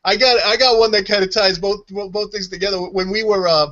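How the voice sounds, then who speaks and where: A man with a New York accent, co-hosting a casual chat, profane and animated. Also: sits high, a little fast, dull audio. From United States. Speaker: co-host.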